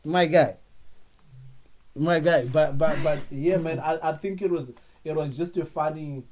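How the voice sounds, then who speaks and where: A man in a casual podcast chat, animated and often repeating words as he talks. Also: a little high, unhurried, a little hiss or hum.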